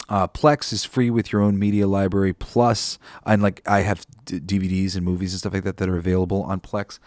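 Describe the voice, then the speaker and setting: A man's voice: sits low, flat delivery, fairly quick, darkish tone, no room sound, clean studio sound. A man hosting a podcast in casual, rambling talk, swearing freely and thinking aloud with lots of fillers. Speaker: podcast host.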